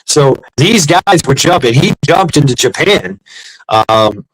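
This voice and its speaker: A man's voice: fairly high pitch, big pitch swings, slow pace, a bit bright, dry recording, rough recording. Profane rambling man telling stories. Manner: profane, rambling storyteller with many restarts. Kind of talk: casual chat.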